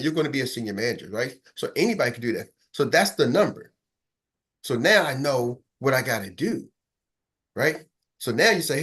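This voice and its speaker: A man's voice: medium pitch, a bit bright. A man coaching in a motivational talk, streetwise and emphatic, repeating phrases for rhythm. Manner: acts out phone calls. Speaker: business coach.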